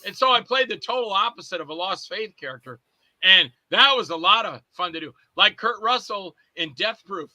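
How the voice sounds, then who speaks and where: A man's voice: high-pitched, expressive, normal speed, bright, forceful tone, no echo, rough recording. A man guesting on a podcast, a filmmaker telling rambling anecdotes about his movies and acting out scenes in character voices. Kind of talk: casual anecdotes.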